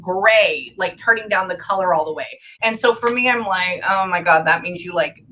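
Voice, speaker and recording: A woman working as a psychic medium, giving a chatty, excitable reading to a client over a call. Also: lowish voice, moderate pace, a little hiss or hum. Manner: excitable, chatty, filler-heavy.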